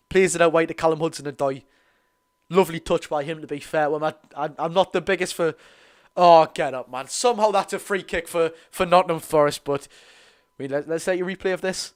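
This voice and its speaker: A teenage man with a Geordie accent giving a live fan commentary on a football match, talking to his chat, his voice going hoarse. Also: fairly high pitch. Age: teens. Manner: excitable, chatty, calls the play and talks to chat. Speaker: fan watch-along host.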